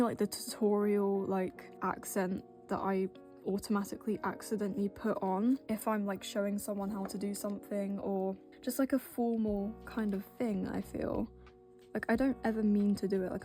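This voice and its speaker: A young British woman with an accent that slips toward American, chatting in a rambling, self-deprecating way, full of fillers, as she narrates her drawing late at night. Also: medium pitch. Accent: British with an American drift. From Britain. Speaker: art vlogger. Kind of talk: casual chatty voice-over while drawing. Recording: soft music bed behind.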